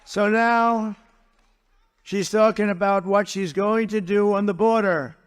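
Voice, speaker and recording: A man's voice: high voice, steady tone, slow, clear, resonant tone. A man speaking as a political candidate at a campaign rally, blunt and mocking, repeating his points and boasting in asides to the crowd.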